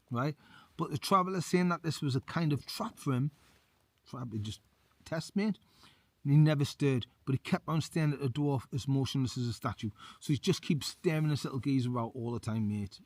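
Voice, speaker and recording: A man's voice: mid-range voice, moderate pace, no echo. Chatty man on a cold winter camp. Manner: matey, says mate a lot. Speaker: outdoor vlogger and ex-soldier. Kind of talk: reading a folk tale aloud with chatty commentary. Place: outdoors at a winter wild camp in the hills.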